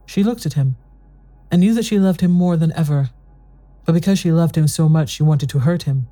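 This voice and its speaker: A narrator reading a classic ghost story in a measured storytelling manner. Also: medium pitch, mellow, soft background music.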